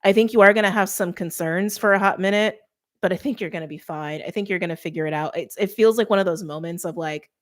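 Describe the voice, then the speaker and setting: A woman giving a casual tarot reading straight to her viewers, chatty and informal, with quick laughs and lots of "like". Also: lowish voice. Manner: talks straight to viewers by sign. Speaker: tarot reader.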